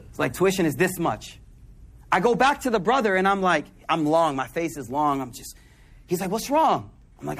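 A high-pitched man delivers a sermon as a casual story. He talks in an animated, street-casual way and often sinks into hushed, soft-spoken asides. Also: fairly quick, some chatter behind, a little hiss or hum. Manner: animated, conversational, drops into quiet soft asides. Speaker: preacher.

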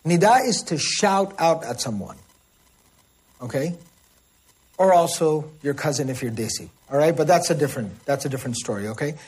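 A man with a somewhat high, husky voice teaches a religious lesson. He breaks down word meanings patiently and keeps checking that his listeners follow. He reels off Arabic recitations at speed. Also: animated, darkish tone. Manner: explanatory, checks in with listeners often; recites Arabic passages quickly. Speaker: Quran teacher.

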